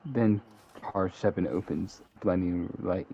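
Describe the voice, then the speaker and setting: A man with a low, gravelly voice reads out the events of a game simulation, leaning into the drama and fixing his own stumbles as he goes. The recording sounds dull and lo-fi, with a faint hiss underneath. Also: measured pace, mellow. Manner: reads dramatically, laughs and corrects own slips. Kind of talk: casual read-aloud narration.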